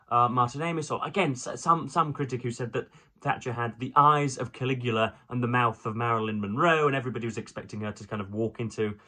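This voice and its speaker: A man giving a casual spoken book review, wordy and ornate, often pausing and restarting mid-phrase. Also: medium pitch, pushed and bright.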